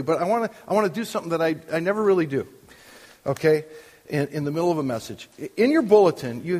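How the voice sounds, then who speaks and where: A man's voice: high voice, long reverb tail. An older man preaching as a pastor, conversational and full of questions to the congregation. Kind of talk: sermon. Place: church.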